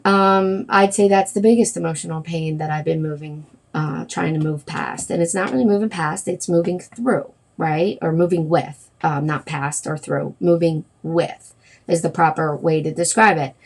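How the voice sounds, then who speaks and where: A woman's voice: lowish voice, steady tone, moderate pace. A middle-aged woman hosting a wellness livestream, talking casually and rambling, with many fillers and self-corrections.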